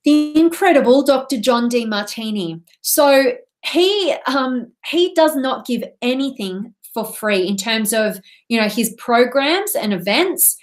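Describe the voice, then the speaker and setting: High-voiced woman coach, bubbly and effusive, reading out viewer comments live. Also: animated, measured pace, hardly any pauses, faint music behind. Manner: gushing, effusive, thanks viewers by name. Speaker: life coach hosting a live training.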